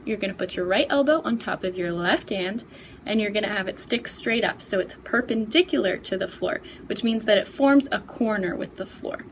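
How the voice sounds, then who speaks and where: A woman with a slightly high voice walks young listeners through each hand sign. She is patient and clear, repeating every step. There is a faint hiss behind her. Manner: patient, clear, repetitive directions. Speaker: children's librarian. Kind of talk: step-by-step baby sign instruction.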